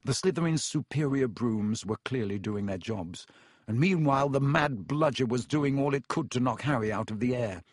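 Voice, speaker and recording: A man narrating an audiobook in a steady storytelling manner. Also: mid-range voice, moderate pace, husky, no room sound, clean studio sound. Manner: steady storytelling, doing character voices. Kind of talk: scripted narration.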